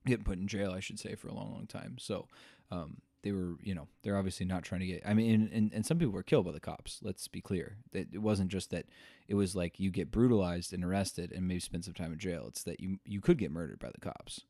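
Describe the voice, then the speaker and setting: A man hosting a podcast, rambling in a halting, emotional way as he comments on videos and chokes up. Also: low voice, vocal fry, dark tone, dry recording, studio quality. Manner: rambling, halting, with many fillers and restarts; emotional, choking up. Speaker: podcast host. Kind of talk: casual commentary reacting to video.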